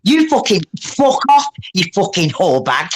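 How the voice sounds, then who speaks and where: A woman's voice: medium pitch, big pitch swings, a little slow. An older woman, angrily swearing and hurling insults in a livestream argument.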